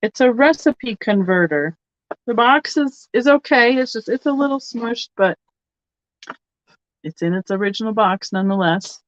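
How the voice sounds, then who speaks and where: A woman's voice: a little high, lively intonation, moderate pace, dry recording. A woman hosting a live online vintage sale, chatting casually and thinking aloud as she shows items and takes bids. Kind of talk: casual live auction chat. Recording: slightly dull, lo-fi sound.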